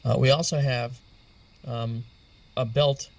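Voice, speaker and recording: A man's voice: mid-range voice, fairly even intonation, slow pace, gravelly, far from the mic. A man patiently explaining astronomy as a guest in an interview, spelling out terms as he goes.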